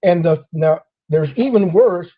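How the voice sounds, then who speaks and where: A man's voice: high voice, measured pace, narrow, tinny audio. A man hosting a casual talk, telling a long personal story and acting out the voices of people in it. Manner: animated storyteller acting out quoted officers. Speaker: host.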